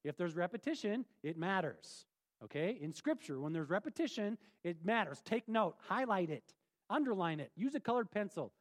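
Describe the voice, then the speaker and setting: A pastor preaching a sermon in a conversational, playful way, asking the congregation questions. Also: male voice, high-pitched, sing-song, normal speed.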